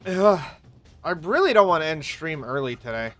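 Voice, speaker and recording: A woman game streamer talks through her play in a chatty, rambling way, with a bright voice despite a sore throat. Her pitch swings widely as she goes, and faint music plays behind her. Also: sing-song, normal speed. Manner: chatty, rambling, swears casually. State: coming down with a sore throat, coughing. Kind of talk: live gameplay commentary.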